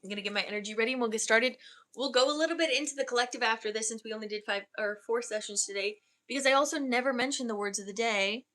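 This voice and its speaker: A woman energy healer, leading a soft, slow guided meditation and then chatting warmly and effusively with viewers on a livestream. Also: fairly high pitch. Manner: effusive, affectionate chat with viewers. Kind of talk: guided energy healing and casual livestream chat.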